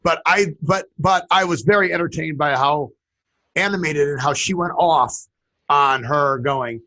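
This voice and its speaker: A man co-hosting a casual talk show, telling stories in a rambling, animated way. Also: a little high, a little slow. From western United States. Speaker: podcast co-host. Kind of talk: casual chat.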